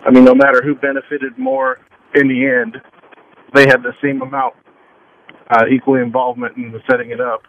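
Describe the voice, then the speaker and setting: A man's voice: mid-range voice, animated, fairly quick, vocal fry, pauses often, a bit bright. A man calling into a talk radio show to give his view. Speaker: caller. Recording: dull phone line with faint noise.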